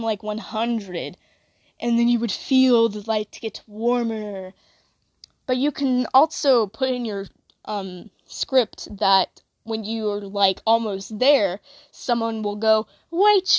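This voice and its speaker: High-voiced young woman rambling slowly. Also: no echo, clean studio sound. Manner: rambling, full of "like" and self-corrections. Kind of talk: casual rambling chat.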